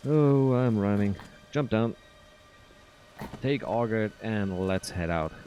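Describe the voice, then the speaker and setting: A man's voice: fairly low pitch, lively intonation, slow pace, dark tone, lo-fi sound, slight background noise. A man hosting a gameplay video with goofy, jokey commentary. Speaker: gaming channel host.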